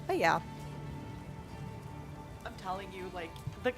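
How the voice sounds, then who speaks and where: Woman streamer, mid-pitched, halting and confiding live chat, faint game music under. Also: animated. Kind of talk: casual live-stream chat while gaming.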